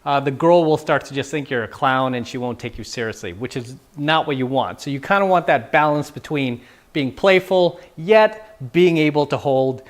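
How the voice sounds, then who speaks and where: A man's voice: mid-range voice, expressive, normal speed. Casual man coaching on dating. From San Francisco. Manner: casual, playful, acts out quoted lines. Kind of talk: casual instructional talk.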